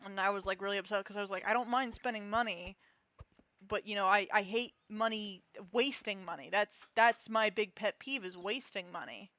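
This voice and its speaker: A young woman chats to her stream audience while she plays, telling a long story at an easy middle pitch. She rambles, restarts her sentences and pokes fun at herself. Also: moderate pace, sharp tone, no room sound. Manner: rambling, self-mocking storytelling with many restarts. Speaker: game streamer. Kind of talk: casual live-stream chat.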